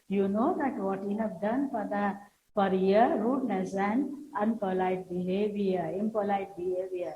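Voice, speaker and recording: A woman's voice: medium pitch, a little slow, dull audio. Earnest woman retelling a parable, echoey room. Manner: earnest, repetitive phrasing, voices the characters' speech. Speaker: storyteller. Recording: echoey room with faint hiss.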